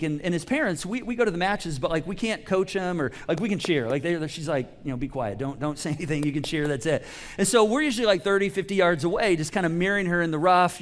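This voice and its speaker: Higher-voiced man preaching conversationally. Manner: casual storytelling, drops to soft hushed tones at tender moments. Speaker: pastor. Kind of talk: conversational sermon.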